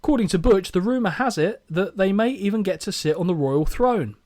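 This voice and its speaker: A man's voice: high voice, animated, brisk, a little mellow, no room sound, studio quality. A man hosting a podcast, recapping with wry, sarcastic jokes. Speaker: podcast host. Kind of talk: comedic recap podcast chat.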